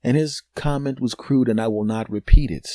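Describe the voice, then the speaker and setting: A man hosting a podcast, telling a comic story in an animated, conversational way and checking in with "right?". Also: medium pitch, normal speed, dry recording, studio quality. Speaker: podcast host.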